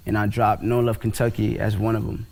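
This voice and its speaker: A man, a musician guest on a TV morning show, talking in a relaxed, slangy, plainspoken way. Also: lowish voice, a little fast, vocal fry, a little hiss or hum. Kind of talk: casual TV interview talk.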